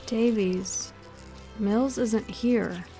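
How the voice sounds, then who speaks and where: A man voicing a tough young female soldier who barks sharp orders in an audiobook. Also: high-pitched, drawn-out words, faint music behind, pitched above the performer's own voice, exaggerated voice. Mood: urgent. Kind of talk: audiobook character reading.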